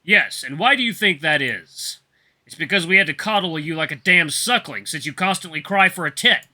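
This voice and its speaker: A man voicing a gruff, menacing male wolf butcher who snarls and scolds harshly. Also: fairly high pitch, expressive, moderate pace, sharp tone, pitched above the performer's own voice. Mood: gruff lecturing.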